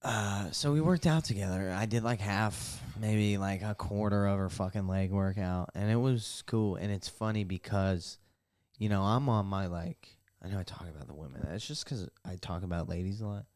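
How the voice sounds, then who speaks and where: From a bathtub at home, a young man runs his casual solo podcast in a lowish, darkish voice at a moderate pace. The story he tells meanders, with profanity and plenty of self-mockery.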